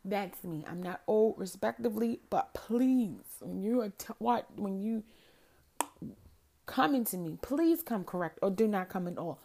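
A sassy vlogger in her forties rants animatedly through a casual monologue about dating and texting, sounding tired and crampy. Her voice is medium-pitched and a little slow, with vocal fry.

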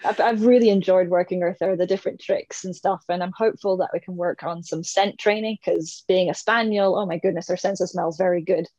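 A woman's voice: fairly low pitch, fairly even intonation, fairly quick, hardly any pauses, darkish tone, no echo, lo-fi sound. A woman in her thirties, talking as an interview guest in a casual, chatty way, laughing often and playing out little voices. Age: 30s.

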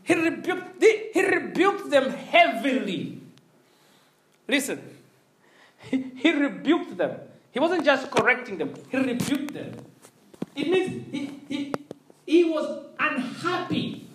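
A man's voice: extremely high pitch, sing-song, slow, pauses often, recorded from a distance, slight background noise. A man preaching a sermon, emphatic, repeating his phrases and calling out to the congregation for response. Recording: echoey room.

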